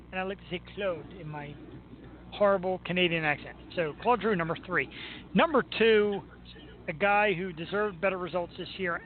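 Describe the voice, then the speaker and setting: A man from Philadelphia hosts a casual sports talk show with a high voice and a lot of enthusiasm. He chats freely and laughs easily. The audio is thin and tinny like a phone line, with faint background noise. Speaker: show host.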